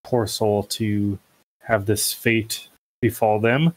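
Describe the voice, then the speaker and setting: Male player, lowish voice, casual and thinking out loud at the table. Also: steady tone, takes it slowly, dry recording, poor audio. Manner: thinks aloud, asks questions.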